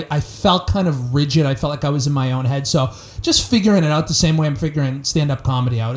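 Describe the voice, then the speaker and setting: Rambling, self-deprecating man in his thirties. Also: on the high side. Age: 30s. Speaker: guest, stand-up comic. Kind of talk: casual podcast chat.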